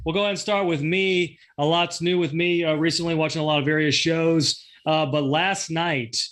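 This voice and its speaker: A man's voice: on the high side, fairly even intonation, normal speed, a bit bright. A man hosting a casual podcast, rambling and correcting himself, laughing often. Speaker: podcast host. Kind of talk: casual chat.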